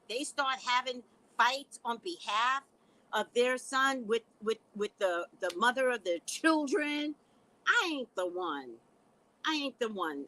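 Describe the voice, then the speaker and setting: A woman's voice: sits high, big pitch swings, a little slow, sharp tone, rough recording. A middle-aged woman hosting a casual live stream, talking bluntly and sassily to her viewers and laughing as she goes. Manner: blunt, sassy, laughing, addresses viewers as guys. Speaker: psychic reader and live host.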